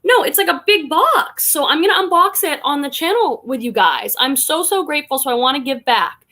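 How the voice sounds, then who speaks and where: Woman from boston hosting a live stream, high bright voice, chatty, saying hi to everyone in chat. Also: expressive, brisk. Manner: chatty, greets viewers one by one and reads chat aloud. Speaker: live stream host and online reseller.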